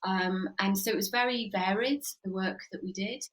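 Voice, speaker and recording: A woman in her forties speaks at a middle pitch as a podcast guest. She tells her stories in an animated way, often breaking into laughter, with frequent ums between thoughts. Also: normal speed, low-quality recording. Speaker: psychotherapist and former police officer. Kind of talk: conversational podcast interview.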